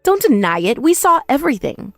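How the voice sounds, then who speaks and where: A woman's voice: high-pitched, very animated, brisk, no room sound, studio quality, faint music behind. A woman playing a furious, scornful ex-wife. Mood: accusing. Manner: accusing, scornful. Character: furious young ex-wife confronting her in-laws. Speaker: main character, ex-wife. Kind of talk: text-message story voice acting.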